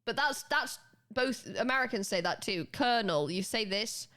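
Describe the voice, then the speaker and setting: A young British woman streaming and chatting casually with her chat, animated and quick to laugh, with casual swearing. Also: fairly high pitch. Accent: British English. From United Kingdom. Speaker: livestreamer.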